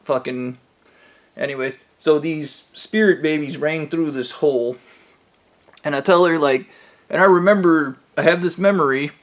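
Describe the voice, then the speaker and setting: This man, a vlogger, has a fairly high voice and a moderate pace. He relates a rambling story about his own life, cursing casually and using lots of fillers.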